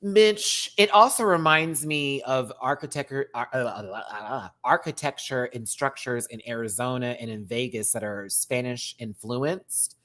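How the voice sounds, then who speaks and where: Texan host with a light Southern twang, animated casual review rant, piles on repeated words for emphasis. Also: male voice, mid-range voice, measured pace, few pauses. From Texas. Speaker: drag show reviewer.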